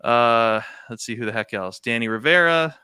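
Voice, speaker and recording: A man hosting a casual livestream talk show. His voice is bright and forward, recorded dry and close. He rambles through welcomes and plugs with easy fillers. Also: mid-range voice, normal speed, smooth, no room sound. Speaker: host.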